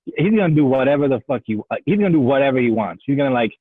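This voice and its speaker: A man's voice: mid-range voice, rapid-fire. A man co-hosting a podcast in casual chat. He rambles and keeps correcting himself, and he sounds tinny over a remote call line. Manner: rambling, self-correcting, animated. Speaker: podcast co-host.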